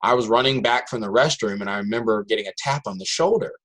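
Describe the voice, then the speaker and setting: A man, a high school math teacher, telling a classroom story to an audience and acting out his students' voices. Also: fast talker. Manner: animated, acts out students' voices in quotes.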